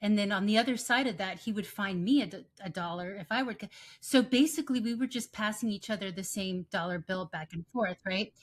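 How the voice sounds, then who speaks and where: A woman co-hosting a podcast who tells stories in an animated way and repeats phrases for emphasis. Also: medium pitch, fairly quick. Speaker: podcast co-host. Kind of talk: casual chat.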